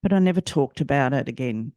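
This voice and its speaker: An Australian woman hosting a personal storytelling podcast, speaking reflectively and haltingly and often repeating herself. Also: rumbling low, lively intonation, warm tone, no echo, lo-fi sound. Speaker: podcast host.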